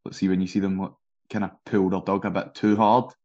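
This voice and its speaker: A Scottish man co-hosting a podcast, chatting in a relaxed, agreeable way. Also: deep voice, fairly quick, highs cut off. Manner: relaxed, agreeable, short replies. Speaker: podcast co-host. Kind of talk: casual chat.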